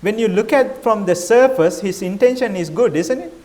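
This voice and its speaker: Male monk, middle-aged, high voice, conversational dharma talk peppered with questions. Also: normal speed, darkish tone. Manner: questioning, conversational, non-native phrasing. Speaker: Buddhist monk teacher.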